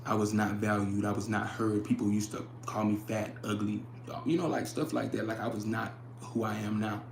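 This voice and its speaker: A young man hosts a casual livestream, speaking earnestly in a low, level voice. He circles back, repeating phrases as he reads chat comments aloud. The sound is roomy with echo, over faint background noise. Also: little pitch movement, moderate pace, creaky. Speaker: livestream host.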